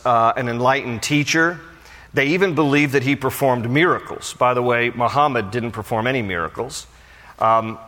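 A man's voice: medium pitch, bright, forceful tone. A man, a pastor, teaching a Bible study with earnest, conversational explanation and light asides. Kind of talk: sermon with scripture reading and prayer. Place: church. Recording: long hall reverb.

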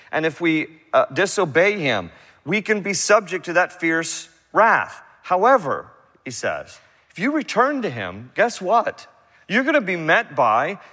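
Conversational male pastor in a reverberant hall. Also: a little high. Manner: conversational, animated preaching with quick asides. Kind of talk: verse-by-verse sermon.

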